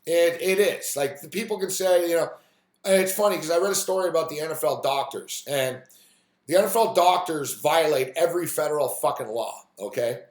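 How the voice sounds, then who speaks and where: A man ranting on a sports live stream, swearing freely and acting out the people in his story. His voice sits a little high, and the room gives it a clear echo. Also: fairly quick. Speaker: sports talk host. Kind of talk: profane live-stream rant.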